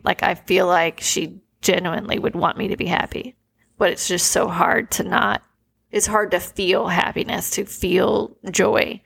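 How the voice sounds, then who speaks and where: A woman's voice: mid-range voice, fairly even intonation, a little slow, vocal fry, fairly bright tone. A woman in her forties, the host, telling personal stories in an earnest, emotional way, full of "like". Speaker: podcast host. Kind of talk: casual conversational storytelling.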